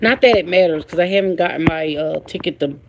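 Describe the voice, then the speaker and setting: A woman's voice: on the low side, quick pace, very noisy. A woman hosting a casual live stream, chatting with her viewers and reading their comments aloud, laughing often. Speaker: livestream host.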